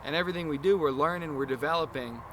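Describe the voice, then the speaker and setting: A man's voice: on the high side, quick pace, background noise. A man hosting a casual podcast chat, talking in long, earnest, rambling explanations. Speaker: podcast host.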